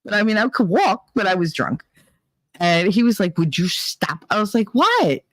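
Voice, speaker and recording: A woman's voice: mid-range voice, fairly quick, no room sound. A woman hosting a podcast, telling stories in a chatty, laughing way and swearing freely. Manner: chatty and animated, swearing, laughing, squealing acted-out quotes. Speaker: podcast host. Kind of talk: casual storytelling monologue.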